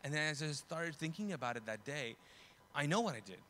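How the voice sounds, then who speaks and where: A man preaching a sermon as pastor in a conversational way, often restarting and correcting himself, and growing loud and lively when he tells stories. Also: a little high, fairly quick, slight background noise. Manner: grows loud and animated when telling stories.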